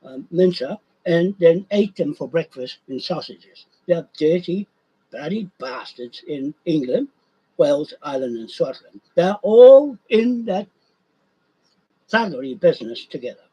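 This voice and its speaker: A man's voice: on the high side, lively intonation, normal speed, a little mellow, husky, lo-fi sound. An older man, ranting in a rambling monologue and repeating himself. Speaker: vlogger.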